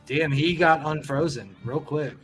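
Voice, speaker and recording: A man's voice: on the high side, a little slow, fairly bright tone, faint music behind. A young man co-hosting a casual podcast, laid-back and crude, swearing and saying "dude" a lot. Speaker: podcast co-host. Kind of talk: casual crude podcast chat while watching a film.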